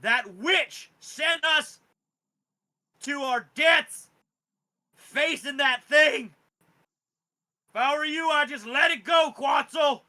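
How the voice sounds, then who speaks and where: A man voicing a crippled old male snake-man father who hollers loudly at his son. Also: extremely high pitch, slow, long pauses, voice pushed up, full character voice. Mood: shouting. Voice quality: loud hollering.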